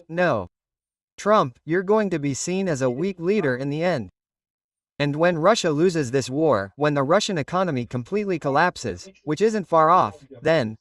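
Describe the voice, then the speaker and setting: A man's voice: on the high side, no room sound, studio quality, recorded from a distance. A man giving opinionated news commentary in an emphatic way, often tagging his points with "right?". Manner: emphatic, keeps asking "right?".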